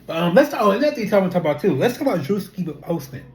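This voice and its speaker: Racing along in a medium-pitched voice, a young adult vlogger chats straight to the camera in a loose, animated monologue. Rhetorical questions and repeated fillers keep looping through the casual talk.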